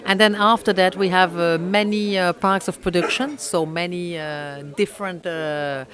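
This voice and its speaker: A woman with a French accent, a French native speaker, answering interview questions slowly in English with many pauses and fillers. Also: on the low side, fairly even intonation, a bit bright. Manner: halting, many fillers, searches for English words. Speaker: oyster company owner.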